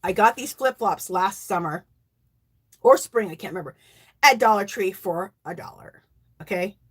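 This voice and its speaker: A woman's voice: medium pitch, animated, normal speed, fairly bright tone, slightly rough. Chatty woman rambling about crafts. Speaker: craft channel host. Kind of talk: casual show-and-tell chat.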